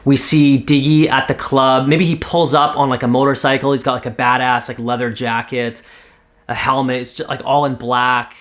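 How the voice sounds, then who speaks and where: A man from Canada casually pitching a TV series, talking in a rambling way with lots of fillers. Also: little pitch movement, normal speed, a bit bright. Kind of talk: casual spoken story pitch.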